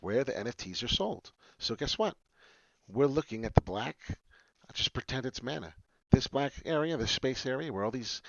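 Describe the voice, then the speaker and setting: A man with a very low, gravelly voice hosts a trading tutorial livestream. He talks in an excitable, rambling way, pokes fun at himself and keeps drifting off topic. The sound is dry and a bit dull and lo-fi. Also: no room sound. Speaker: trading channel host.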